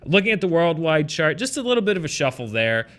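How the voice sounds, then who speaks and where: A man hosting a casual box office chart rundown, chatty and quick with asides. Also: on the high side, sing-song, fairly bright tone. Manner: chatty, runs through figures with quick asides. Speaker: box office show host.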